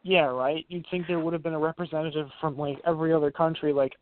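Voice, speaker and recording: A man's voice: fairly high pitch, fairly even intonation, fast. Agreeable man on a tinny line. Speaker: podcast co-host. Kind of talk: casual movie review chat.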